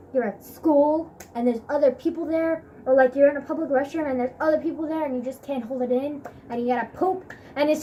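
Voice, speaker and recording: Teen girl vlogger, high voice, loose casual storytelling with lots of fillers and laughs. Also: darkish tone. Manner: rambling, filler-heavy, laughing, swears freely.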